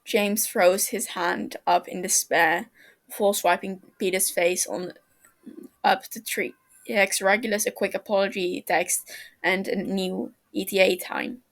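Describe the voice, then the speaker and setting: A woman reading fan fiction aloud, narrating the scenes in an even storytelling manner. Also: medium pitch, measured pace. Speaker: podfic reader.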